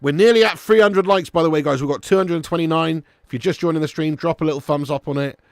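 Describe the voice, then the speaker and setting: A man's voice: fairly high pitch, quick pace, no room sound, clean studio sound. A young man hosting a live football watch-along stream, chatting casually with viewers and swearing now and then. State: a little sleepy.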